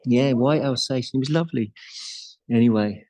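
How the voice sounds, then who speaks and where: A man's voice: mid-range voice, normal speed, mellow, poor audio. A man guiding a live yoga class in a studio, chatty and playful, laughing often. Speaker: yoga teacher.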